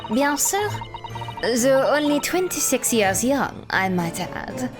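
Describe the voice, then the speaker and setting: A woman's voice: high-pitched, very animated, full character voice. A woman doing a haughty young French museum owner. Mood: theatrical. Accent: put-on French. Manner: slow, theatrical, sprinkled with French phrases. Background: video game music.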